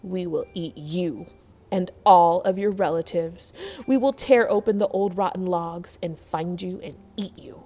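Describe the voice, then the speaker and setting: A woman voicing a big, fat, lazy male bear who talks in a gruff, bossy way. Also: fairly low pitch, unhurried, warm tone. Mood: mocking. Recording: long hall reverb.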